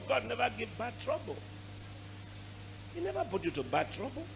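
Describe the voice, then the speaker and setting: A middle-aged man with a Nigerian accent preaching a sermon, animated, with sudden shouted bursts and dramatic drops in volume. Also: very high-pitched, moderate pace, gravelly, low-quality recording. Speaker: archbishop.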